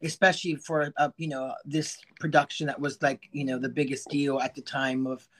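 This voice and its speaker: A man's voice: medium pitch, level tone, normal speed, a bit bright. A man hosting an interview podcast, chatty and joking with his guest. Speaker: podcast host. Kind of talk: casual interview chat.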